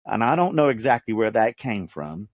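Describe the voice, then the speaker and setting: A man's voice: lowish voice, sing-song, moderate pace, no echo, studio quality. A man in his fifties with a Texan accent, a podcast host being interviewed, telling his life story in an earnest, emphatic way with repeated phrases. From Dallas, Texas. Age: 50s. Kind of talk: candid personal storytelling.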